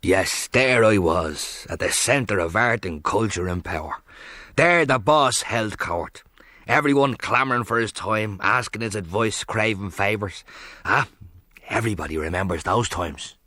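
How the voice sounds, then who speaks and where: A man's voice: fairly low pitch, a little slow, bright, forceful tone, dry recording. An actor narrating a radio comedy as a nostalgic, ironic Irish man, dry and knowing.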